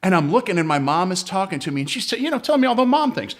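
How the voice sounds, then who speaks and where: A man, a comedian, telling a personal story in an interview with animated, joking delivery. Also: sits high, fast. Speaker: comedian guest.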